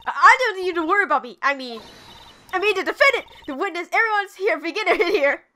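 Woman voicing nervous young lawyer, stammering, very high, bright. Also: animated, brisk, full character voice. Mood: flustered. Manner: stammering, defensive.

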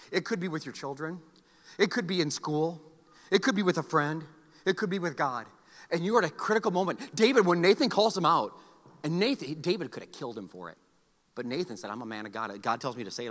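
A male pastor preaching a sermon, animated, with joking asides and repeated phrases. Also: on the high side, in a large hall. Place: church sanctuary.

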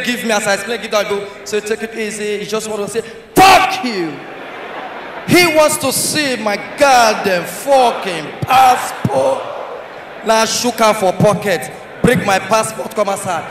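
A man with a Nigerian Pidgin accent, doing stand-up comedy, telling a story with loud shouted impressions. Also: high-pitched, fairly even intonation, fairly quick, crowd noise, noisy background. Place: large live comedy hall. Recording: echoey hall from far off.

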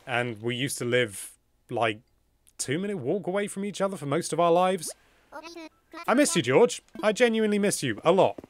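A British man hosting a live gameplay stream, chatting in an excitable, gushing way as he tours an island. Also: fairly high pitch, normal speed. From Britain. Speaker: livestream host.

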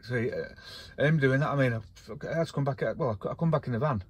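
A man's voice: medium pitch, quick pace, husky. A man, talking casually and rambling in a vlog from his camper van, swearing a lot and getting worked up. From North West England. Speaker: vlogger.

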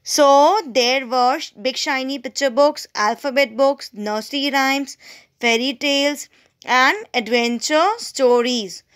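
A woman's voice: high voice, slow pace, a bit bright, clean tone. A woman teacher reading a story aloud to students, stopping to explain words and ask them questions. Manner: explains word meanings to students; asks the listeners questions.

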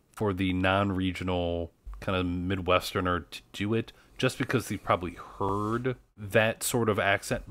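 A man with a low voice, co-hosting a podcast in casual, rambling chat. He talks easily and says "like" a lot. The recording is close and dry, with no room sound. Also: fairly bright tone, no room sound. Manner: chatty, rambling, heavy use of "like". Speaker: podcast co-host.

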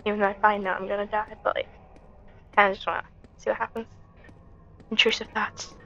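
A woman's voice: medium pitch, little pitch movement, fast talker, creaky, pushed and bright, highs cut off. A woman giving nervous, jumpy commentary on a horror game, often dropping to a whisper. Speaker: gaming commentator.

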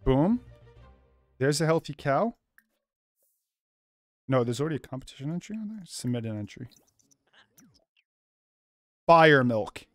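Young guy doing goofy game commentary, voice bouncing all over, kinda high. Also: very animated, a little slow, pauses often, fairly bright tone, no echo, soft background music. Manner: goofy, self-described loopy, jokey asides to the viewers. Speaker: gaming YouTuber. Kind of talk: let's play commentary.

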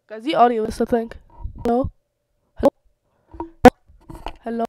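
A woman's voice: fairly high pitch, fairly even intonation, measured pace, long pauses, darkish tone, dry recording. A young woman commentating her own gameplay, muttering playfully and breaking into sing-song bits as she plays. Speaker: gamer. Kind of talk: casual let's play commentary.

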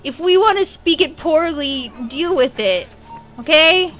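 A woman co-hosting game commentary with wry, deadpan jokes. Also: sits high, a little slow, rough recording. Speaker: co-host. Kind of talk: let's play commentary.

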